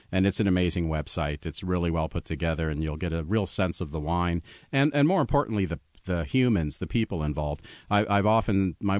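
Deep-voiced enthusiastic sommelier man. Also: no echo, clean studio sound. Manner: knowledgeable, enthusiastic explaining. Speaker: sommelier guest. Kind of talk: radio interview.

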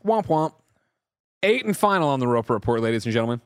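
A man's voice: medium pitch, very fast, clean tone, no echo, clean studio sound. A man co-hosting a gaming news show, reading reports aloud with casual asides. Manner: lively delivery, reads reports aloud with asides.

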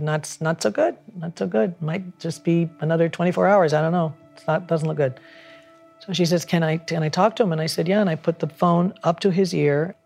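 Gravelly-voiced middle-aged woman recounting memories. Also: sits low. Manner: warm storytelling, acts out quoted dialogue. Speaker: interviewee, daughter. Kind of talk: documentary interview.

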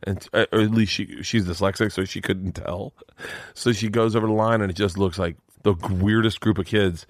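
A man's voice: on the low side, normal speed, no room sound, studio quality. A middle-aged man, a comedian, telling stories in a casual chat and acting out other people's lines in raised voices. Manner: animated storyteller, acts out quotes in raised voices. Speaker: guest comedian.

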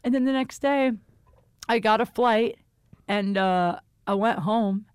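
A young woman with a slightly high voice tells a story on a podcast. She is frank and profane and keeps dropping fillers. The sound is dry and close to the mic. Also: takes it slowly, clean tone, no room sound. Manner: candid, profane, animated storytelling with many fillers. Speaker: podcast host. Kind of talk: casual chat, storytelling.

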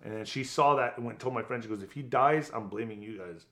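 In an interview, a middle-aged ex-boxer tells his story in a fairly low, fast voice. He is blunt and profane, and he brings the retelling to life by acting out what other people said.

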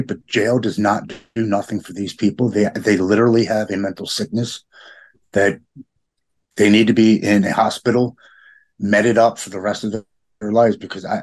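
Middle-aged man, podcast guest, rough husky low voice, halting heartfelt delivery. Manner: halting, repeats words, heartfelt. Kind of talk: emotional personal conversation.

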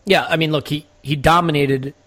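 Fairly high-voiced podcast host. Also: male voice, fairly even intonation, normal speed, fairly bright tone. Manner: eager, stammering, questioning. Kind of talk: casual chat.

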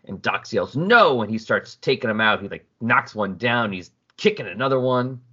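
A man's voice: on the low side, normal speed, pushed and bright, breathy edge, dull audio. A man co-hosting a casual chat, animatedly recapping a comic story and acting out the characters.

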